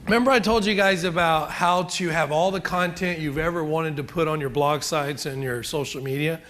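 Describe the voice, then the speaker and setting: A man's voice: fairly high pitch, fairly even intonation, normal speed, a bit bright. A middle-aged man giving a chatty, joking real estate seminar, asking the audience questions. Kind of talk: live seminar talk to an audience.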